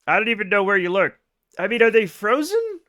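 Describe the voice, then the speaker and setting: A man's voice: high voice, big pitch swings, brisk, bright, forceful tone. A middle-aged American man streaming live, chatting casually with viewers in a joking, profane way that often breaks into laughter.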